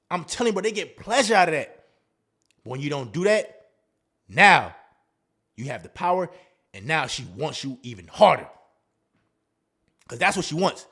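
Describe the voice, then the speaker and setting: A man's voice: high-pitched, fairly bright tone. A man hosting a dating advice talk, in a casual, slangy monologue that acts out quoted lines.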